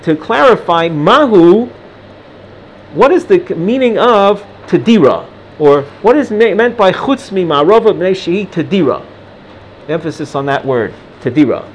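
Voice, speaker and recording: Talmud teacher, male, Ashkenazi Hebrew reading, fairly high voice, faint room hum behind. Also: animated, measured pace. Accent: Ashkenazi Hebrew pronunciation. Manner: reads Aramaic text then translates, with frequent restarts. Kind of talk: recorded Gemara lesson.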